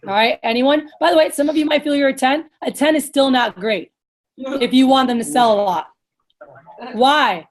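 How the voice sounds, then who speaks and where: Blunt, energetic woman coaching a team. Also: moderate pace. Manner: blunt, energetic, swears casually; acts out lively sales pitches. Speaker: sales manager trainer. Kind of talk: casual coaching talk.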